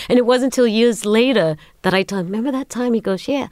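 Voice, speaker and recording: A woman's voice: medium pitch, brisk, darkish tone, no echo, studio quality. A middle-aged woman being interviewed, in casual chat, telling stories and acting out the exchanges she recalls. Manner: storytelling, acting out quoted exchanges. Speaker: guest.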